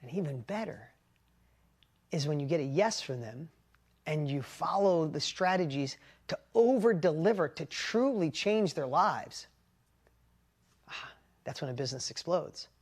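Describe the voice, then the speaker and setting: Man, middle-aged, business coach, live talk, casual, animated story, big pitch leaps. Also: measured pace, pauses often, breathy edge. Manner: animated storyteller, voice rises sharply when excited; casual, swears, speaks directly to audience members by name. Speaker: business coach speaking to a mastermind group. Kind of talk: live motivational talk to an audience.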